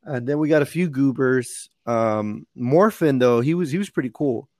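A man's voice: mid-range voice, normal speed, darkish tone, no echo, clean studio sound. A man, a former Marine, rambling through a profane war story in casual chat, full of fillers and restarts. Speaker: Marine veteran telling stories.

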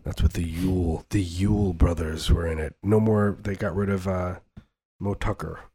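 A man co-hosting a casual chat podcast, joking around and sometimes breaking into falsetto singing and sound effects. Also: fairly even intonation, moderate pace, mellow, slightly rough, dry recording. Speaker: podcast co-host.

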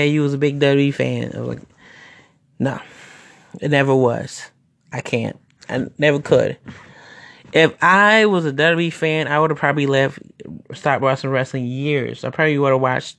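A man's voice: mid-range voice, creaky, a bit bright, dry recording. A man who wrestles, hosting a casual podcast monologue, rambling and opinionated, with many restarts.

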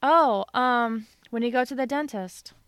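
A woman co-hosting a podcast in casual chat, telling a story with animated quoted voices and frequent laughter. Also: on the high side, a little slow, clean tone, no echo. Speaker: podcast co-host.

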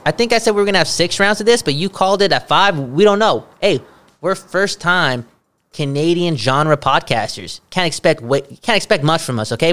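Young guy cohosting a podcast, kinda high voice, jokey and sweary. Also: smooth. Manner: swearing, joking, excitable. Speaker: podcast co-host. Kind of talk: casual podcast banter.

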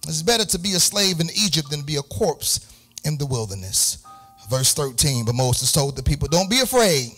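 A man with a high, ringing voice is preaching a sermon in a church sanctuary, backed by soft, faint music. He sways into a musical, sing-song cadence, draws amens from the congregation, and jokes with people he calls by name. Again and again he builds to fervent, shouted climaxes. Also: normal speed, breathy edge. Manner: sing-song preaching, frequent "amen" call-and-response; folksy, joking asides to named congregants. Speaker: pastor.

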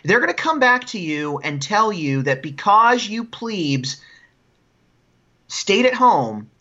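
A man co-hosts a news podcast with a bright, forceful voice set a little high. His commentary is indignant and mocking, climbing into outraged exclamations. The audio is dull and lo-fi. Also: big pitch swings, slow pace. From New Jersey. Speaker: podcast co-host.

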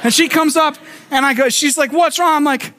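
A man's voice: very high voice, fairly quick, some chatter behind. A middle-aged male pastor preaching a sermon, telling a personal story with acted-out quotes and stumbling restarts. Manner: animated storyteller who acts out quotes and repeats words.

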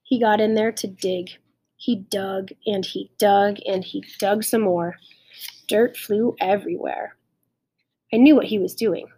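A woman narrating an audiobook in a steady, measured storytelling manner. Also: medium pitch, breathy edge.

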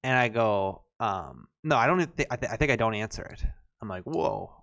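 A man's voice: lowish voice, animated, normal speed, a bit bright. A man co-hosting a podcast, telling rambling stories in casual chat with lots of fillers and restarts. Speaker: podcast co-host.

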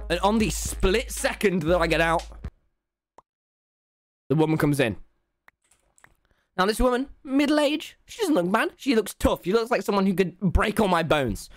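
Animated young man telling a story. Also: sits high, moderate pace, pauses often. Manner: animated, jokey, acts out every voice. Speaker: gaming streamer. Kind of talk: casual storytelling while gaming. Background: faint game music.

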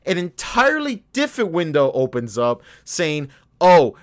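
A brisk man with a mid-range voice co-hosts a podcast, telling a story in casual chat. He swears a lot and gets worked up in animated bursts of ranting.

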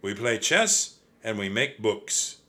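A man's voice: fairly low pitch, big pitch swings, slow, bright, forceful tone, full character voice. A man voicing a kindly, formal monk showing visitors around, raised a little above his own voice. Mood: welcoming. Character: kindly adult male monk guide.

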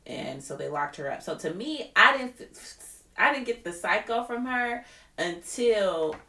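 Her voice sits in the mid range and she takes her time, with echo from the room around her. As a podcast co-host she keeps the chat casual but animated, voicing firm opinions and repeating others' words.

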